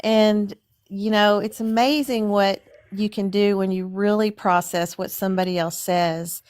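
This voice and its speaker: A woman's voice: medium pitch, fairly even intonation, a little slow, darkish tone. A middle-aged woman speaking as a guest in a casual conversation, reflective and searching for her words with many fillers. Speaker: stream guest.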